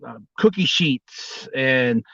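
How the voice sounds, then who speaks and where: A man in his thirties hosting a casual livestream as a former wrestler, telling a story with rambling restarts and bursts of high, squealing impressions. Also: animated, takes it slowly, gravelly, pushed and bright, breathy edge, no echo, highs cut off.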